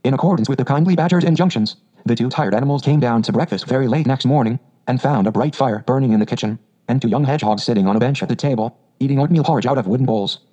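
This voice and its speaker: A man reading a storybook aloud as narrator, in a measured, gentle storytelling manner. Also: medium pitch, lo-fi sound.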